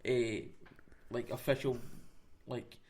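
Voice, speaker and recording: A man's voice: mid-range voice, fairly even intonation, slow pace, a little mellow. A young Scottish man co-hosting a podcast, chatting casually in a blunt, sweary, sarcastic way. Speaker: podcast co-host.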